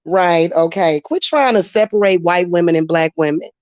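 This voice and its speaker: Woman on a livestream, aave, blunt and laughy, lowish voice, kinda dull sound. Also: normal speed, darkish tone, dry recording. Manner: blunt, laughs often, talks back to chat. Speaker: livestream host. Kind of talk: casual livestream chat.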